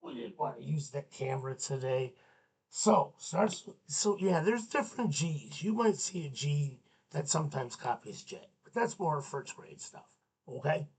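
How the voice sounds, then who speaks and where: Slow-talking, goofy man as a kids' show teacher who jokes with puppets. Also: on the high side, lively intonation, darkish tone, slightly rough. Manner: goofy, playful banter with puppets. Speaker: children's show host and teacher.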